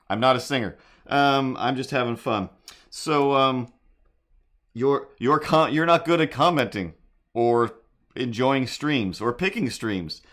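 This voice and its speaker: A middle-aged man talks to his live stream, rambling through a story about a rude kid, animated and quick to break off into goofy asides. His voice sits at an ordinary middle pitch, with plain, casual delivery. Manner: rambling, animated, sings silly improvised jingles.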